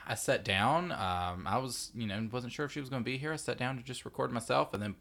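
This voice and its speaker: A man's voice: medium pitch, fairly quick, gravelly, a bit bright. A man co-hosting a podcast, bantering and teasing his co-host in casual chat.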